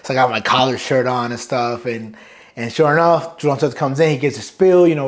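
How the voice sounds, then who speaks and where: Marine veteran. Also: male voice, mid-range voice, fairly even intonation, a little fast. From Brooklyn, New York. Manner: profane, loose, laughs through anecdotes. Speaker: guest, retired Marine sergeant major. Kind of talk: casual storytelling interview.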